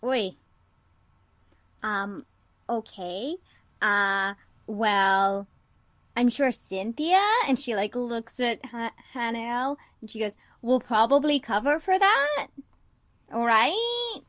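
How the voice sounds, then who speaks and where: A woman voicing an excitable young female archmage who gushes and talks fast in a tabletop game. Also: fairly high pitch, dry recording. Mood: easygoing. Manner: gushing and fast, lots of "oh my god".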